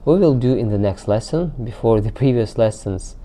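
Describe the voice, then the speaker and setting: Male teacher for a lesson recording: warm, relaxed voice, patient and halting delivery. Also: medium pitch. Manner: reads each Arabic sentence, then translates it slowly with hesitant fillers. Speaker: Arabic teacher.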